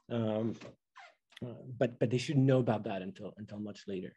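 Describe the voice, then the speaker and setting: A man's voice: lowish voice, normal speed, mellow, breathy edge, rough recording. A middle-aged man giving an academic lecture, thoughtful and full of fillers and restarts.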